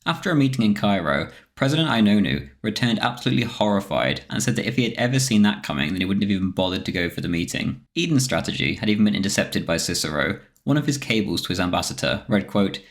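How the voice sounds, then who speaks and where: A man with a low, deep voice reads a scripted history documentary narration. He keeps a steady, measured delivery from line to line.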